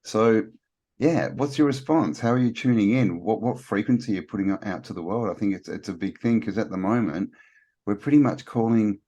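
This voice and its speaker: Male co-host, low voice, thoughtful and loosely rambling in casual talk. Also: a little fast, dark tone. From Australia. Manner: rambling, thoughtful, many fillers. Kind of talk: casual conversation.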